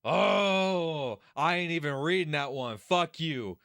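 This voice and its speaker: A young man narrates a visual novel and keeps snapping into furious, cursing outbursts at the characters. His voice is smooth and resonant, recorded close and dry with no room sound. He swings from flat reading to heated trash talk. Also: on the high side, moderate pace, dry recording. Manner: profane, heated ranting, mocking whiny put-on voices. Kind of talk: let's play commentary and reading aloud.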